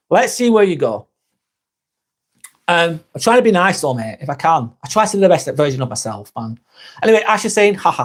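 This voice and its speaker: A chatty man hosts a live stream with a slightly raised voice. He reads out viewer comments in a relaxed, friendly way, calling people mate, and turns firm when trolls show up. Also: high voice. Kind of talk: casual live chat reading comments.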